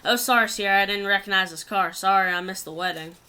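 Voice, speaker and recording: A woman's voice: medium pitch, fast talker, clear, resonant tone, lightly acted. A woman reading as a friendly male patrol officer. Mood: apologetic. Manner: flat read-aloud dialogue, barely acted.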